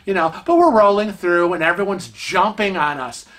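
Animated bright-voiced man telling a story. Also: high-pitched, moderate pace. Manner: animated, acts out quoted voices. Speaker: vlog host. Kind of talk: casual storytelling.

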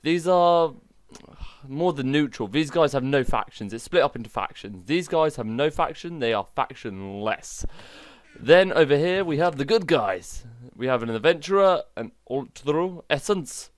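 Gaming host, excitable, self-mocking mod showcase commentary, dry close sound. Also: male voice, fairly high pitch, measured pace, dry recording.

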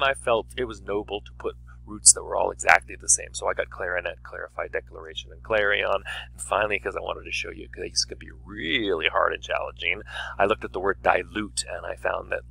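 A man's voice: low voice, fairly quick, creaky, pushed and bright, slightly rough, no echo. A man teaching a writing lesson in a chatty, explaining way. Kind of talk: classroom video lesson.

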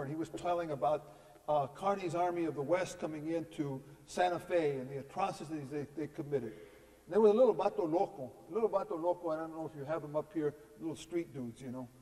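A man's voice: fairly high pitch, darkish tone. A man from California gives a public lecture in a university hall. He tells stories and asks his audience rhetorical questions. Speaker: guest speaker. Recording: long echo in a lecture hall.

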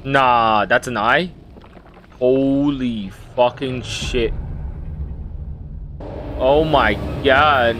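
A young man giving loud, profane, excitable commentary while playing a video game. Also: medium pitch, extremely slow, pauses often, a little hiss or hum. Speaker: gaming streamer. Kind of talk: casual gameplay commentary.

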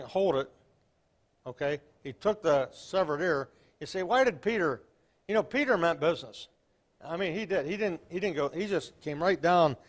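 An older man preaching a folksy Baptist sermon, telling stories and reading King James verses with emphasis. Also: a little high.

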